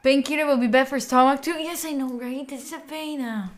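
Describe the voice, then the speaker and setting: A woman's voice: high voice, lively intonation, normal speed, few pauses. Italian woman chatting with live viewers. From Italy. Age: young adult. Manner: chatty, swears freely, reacts to chat. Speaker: livestream host. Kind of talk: casual chat with live viewers. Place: room at home.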